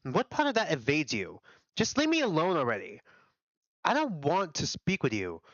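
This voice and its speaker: A man voicing a mocking, lazy middle-aged male doctor who speaks dryly and dismissively in a lowered voice. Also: wildly swooping pitch, normal speed, a bit bright, no room sound, muffled recording. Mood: irritated.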